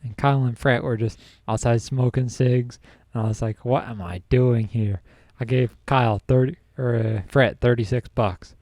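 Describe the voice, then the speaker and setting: A man's voice: mid-range voice, steady tone, normal speed, darkish tone, no room sound. A young man co-hosting a podcast, telling a story in casual chat, laughing often and acting out quotes. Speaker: podcast co-host.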